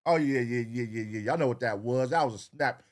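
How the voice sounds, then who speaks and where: A man's voice: mid-range voice, a little fast. A man hosting a reaction show, talking casually and profanely straight to his viewers.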